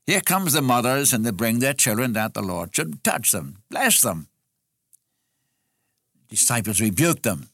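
A man's voice: mid-range voice, sing-song, a little slow, long pauses, sharp tone, no echo, studio quality. A man preaching an expository sermon in an earnest way, repeating phrases for emphasis.

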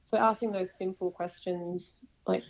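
Young woman guest, earnest and rambling, monotone, slightly muffled lo-fi sound. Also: fairly low pitch, vocal fry. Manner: earnest, rambling, quick bursts. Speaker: podcast guest. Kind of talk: casual faith conversation. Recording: dull lo-fi sound.

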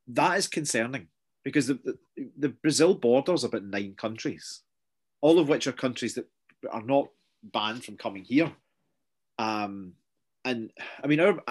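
A British man co-hosting a casual political chat, rambling and jokey. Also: medium pitch. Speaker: podcast co-host.

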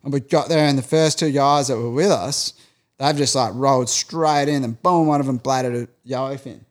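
A man's voice: mid-range voice, normal speed. A man telling a long story in casual chat, rambling and peppering his talk with fillers. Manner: rambling, heavy use of filler "like".

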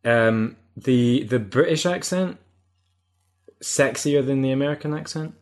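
A man hosting a relaxed podcast chat. He hesitates and trips over the first words of his sentences before getting going. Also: mid-range voice, a little slow. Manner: hesitant, repeats words when starting. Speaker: podcast host. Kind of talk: casual interview chat.

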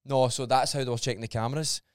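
A Scottish man hosting a casual podcast, telling stories in an animated way and swearing freely. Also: mid-range voice, fast, dry recording, clean studio sound. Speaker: podcast host.

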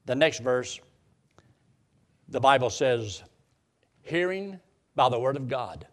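A man's voice: mid-range voice, animated, slow pace, long pauses. A man preaching a sermon, quoting scripture in old-style wording and repeating phrases for emphasis.

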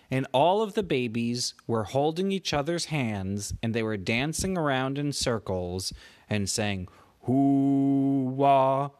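A man improvising a bedtime story for a child, animated and stopping to ask the child questions. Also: medium pitch. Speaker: parent telling a bedtime story.

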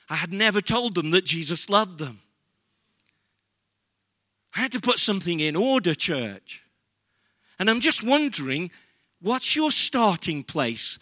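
A man's voice: high voice, sharp tone. An older man with an English accent, preaching a sermon as pastor in an earnest, conversational way.

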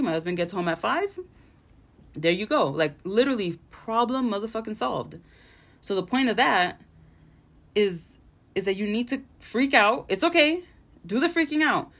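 Thirtysomething woman podcasting solo, swears a lot, blunt and animated, chatty storytelling. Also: fairly low pitch. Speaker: podcast host. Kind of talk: casual solo podcast chat.

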